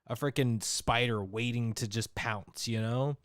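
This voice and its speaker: A man co-hosting a casual movie discussion podcast, with an animated, chatty delivery broken up by laughs. His voice sits in a middle register. The recording is dry and close. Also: mid-range voice, measured pace, no room sound. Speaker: podcast co-host.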